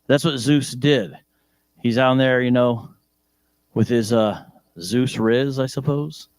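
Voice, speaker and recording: A male preacher with an American accent giving a lively sermon in church, joking and asking the congregation questions. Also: mid-range voice, slow, clear, resonant tone, no echo.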